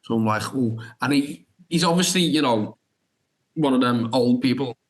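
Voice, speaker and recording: A young actor, guesting on a podcast, tells an animated, rambling anecdote full of restarts and "da da da" filler, acting out his reactions as he goes. His voice is medium-pitched at normal speed, and the audio is poor.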